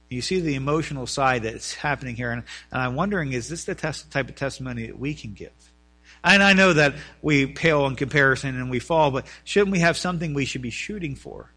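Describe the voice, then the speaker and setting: A man's voice: mid-range voice, fairly quick, a bit bright. A man preaching a sermon as pastor, building emphasis through repeated phrases and quoting scripture. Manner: preaching with rising emphasis and repetition.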